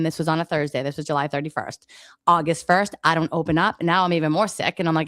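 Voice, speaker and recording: A woman's voice: lowish voice, expressive, quick pace, no room sound, studio quality. Exasperated woman telling her story. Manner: emphatic, exasperated storytelling, acts out quoted exchanges. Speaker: daycare owner, guest.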